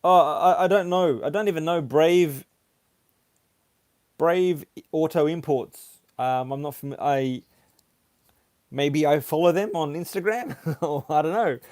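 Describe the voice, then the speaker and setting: A man hosting a casual livestream, chatting haltingly as he reads viewer comments aloud. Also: a little high, a little mellow, no echo, clean studio sound. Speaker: livestream host. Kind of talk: casual live chat reading comments.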